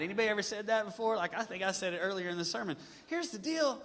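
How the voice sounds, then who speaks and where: Bright animated man preaching a sermon. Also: high-pitched, quick pace, hardly any pauses, long reverb tail. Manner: animated preaching, mimics congregants' excuses. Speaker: pastor.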